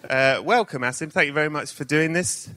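A man's voice: fairly high pitch, a little fast, pushed and bright, a little hiss or hum. A man hosting a podcast live on stage in front of an audience, with playful, joking introductions. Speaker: podcast host. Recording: reverberant live theatre sound.

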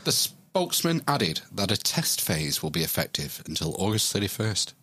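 A man's voice: sits low, very animated, normal speed, pushed and bright, slightly rough, no echo. Jokey man hosting a chat show. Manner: jokey, playful banter. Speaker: podcast host. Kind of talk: casual chat, reading news stories.

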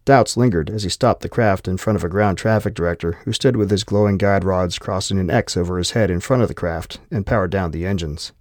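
A man reading a novel aloud with steady, measured storytelling. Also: deep voice, no room sound, studio quality. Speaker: narrator. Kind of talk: scripted audiobook narration.

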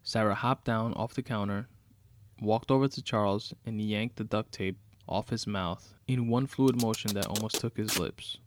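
A man narrating a dark crime story aloud in a steady, matter-of-fact way. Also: on the low side, normal speed, no room sound.

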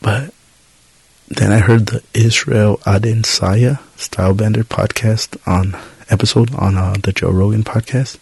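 Gravelly low-voiced man, profane podcast rambling. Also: fairly even intonation, measured pace, a little mellow, no room sound. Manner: profane, rambling and self-deprecating. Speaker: podcast host. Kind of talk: casual solo podcast monologue.

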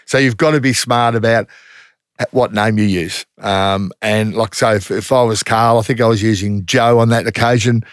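Blunt Australian ex-undercover cop. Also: male voice, lowish voice, steady tone, moderate pace, dry recording, clean studio sound. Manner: blunt, matter-of-fact, slangy, acts out quoted voices. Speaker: former undercover police officer. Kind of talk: casual interview storytelling.

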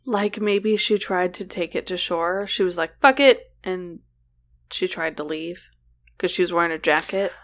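A woman co-hosting a podcast, reacting with quick remarks and guesses. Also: fairly low pitch, level tone. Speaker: podcast co-host. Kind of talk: casual chat.

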